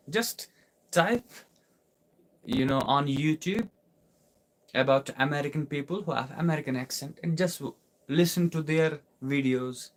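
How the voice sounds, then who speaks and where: A young man from Kashmir with an Indian accent, an English teacher answering viewer questions in a live class, explaining with repeated rhetorical questions. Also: a little high.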